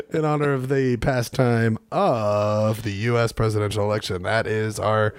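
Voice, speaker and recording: Deadpan man co-hosting a podcast. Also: on the low side, slow, slight background noise. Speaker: podcast co-host. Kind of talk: casual comedic banter.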